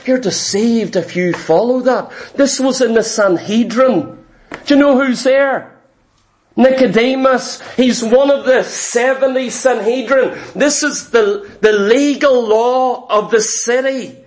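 A man preaching a sermon with forceful, emphatic delivery and repeated phrases. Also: very high voice.

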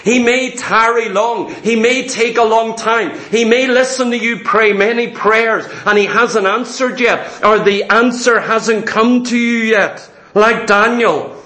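Male preacher, very high voice, emphatic storytelling sermon, echoey church hall. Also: unhurried, pushed and bright. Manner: emphatic, repeats key points, storytelling.

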